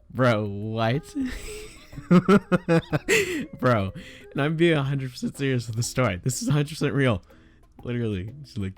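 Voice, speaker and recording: A young man telling a casual story to his viewers, excitable and exasperated, tripping over his words and using a lot of slang. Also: mid-range voice, a little slow, pauses often, faint music behind.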